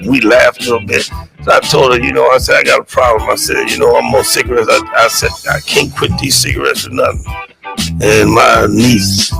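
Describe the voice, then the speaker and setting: Middle-aged male live-streamer, gravelly voice, loud and animated, loud music behind him. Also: on the low side, rough recording. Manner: loud, animated, calls out family names. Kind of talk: casual live stream shout-outs and storytelling. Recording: loud music playing over the voice.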